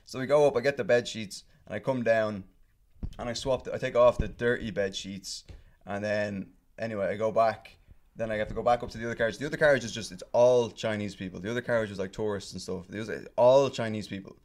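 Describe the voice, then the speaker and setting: A man's voice: fairly low pitch, fast, darkish tone. A man on a casual podcast chat, telling a long story in a rambling, profane way full of fillers and restarts. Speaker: podcast guest telling stories.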